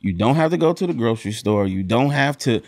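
A man's voice: mid-range voice, expressive, fast, a little mellow, no echo. A man reads a sponsor spot on a podcast, upbeat and chatty. His voice sits in a middle range and sounds close and dry. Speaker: podcast co-host. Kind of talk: ad read.

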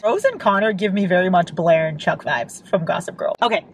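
A woman's voice: fairly low pitch, animated, fairly quick, slight background noise, poor audio. A young woman reading a novel aloud and reacting with emotional outbursts, as a book vlogger.

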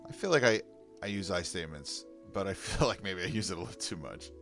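A man with a very deep voice reads self-help tips aloud, then breaks off into frank, casual commentary between them. Soft music plays faintly in the background. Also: expressive, fast talker. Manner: reads advice aloud then comments candidly, with sighs and laughs. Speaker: vlogger. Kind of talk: casual self-help video reading and reacting.

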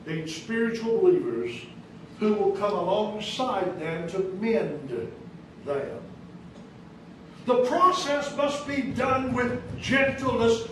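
A pastor preaching a sermon in a church, speaking emphatically with rising questions and sudden soft drops, with an American accent. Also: male voice, high voice, slow. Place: church sanctuary. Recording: echoey church recorded from a distance, noisy.

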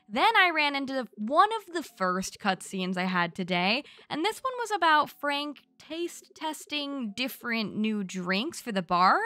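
A young woman narrating a recap of her gameplay in a chatty, gushing, animated way, close to the microphone. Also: on the high side, dry recording. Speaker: gaming YouTuber.

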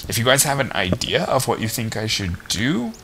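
A man's voice: medium pitch, sing-song, moderate pace, background noise. A man giving casual commentary while playing a game, chatty and self-deprecating, talking to the characters on screen. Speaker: let's play gamer. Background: game music.

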